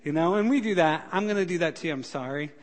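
A man's voice: a little high, quick pace. Man preaching in an echoing church. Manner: animated storytelling, rises loud for emphasis, drops soft when pleading. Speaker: pastor. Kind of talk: sermon. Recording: long hall reverb.

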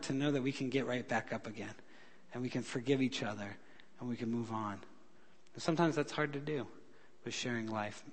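A male pastor preaching a sermon, telling stories with feeling, rising loud for emphasis and dropping soft when he pleads. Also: mid-range voice. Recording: long hall reverb.

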